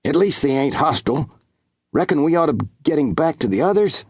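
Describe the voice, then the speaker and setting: A man's voice: on the high side, big pitch swings, fairly quick, breathy edge, dry recording, studio quality, voice pushed up. A man doing a nervous young Canadian trapper. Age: young adult. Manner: hushed, nervous.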